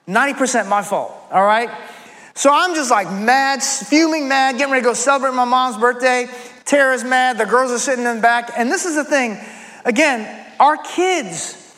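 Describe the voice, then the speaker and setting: High-voiced pastor preaching in a hall. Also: male voice. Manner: earnest storytelling, then soft prayer. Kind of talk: sermon.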